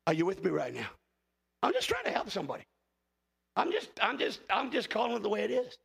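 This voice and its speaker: High-voiced, gravelly preaching man. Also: huge pitch swings, fast talker, pauses often. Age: 50s. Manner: impassioned preaching, often shouting. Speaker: pastor. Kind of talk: sermon. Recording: hall reverb.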